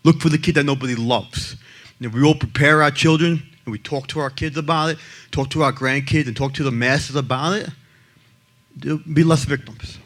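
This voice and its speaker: His voice sits a little high, with a fairly bright tone, slightly quick pace, and fairly even intonation. A blunt, brash child abuse prevention advocate, he tells an audience joking stories and performs the people in them.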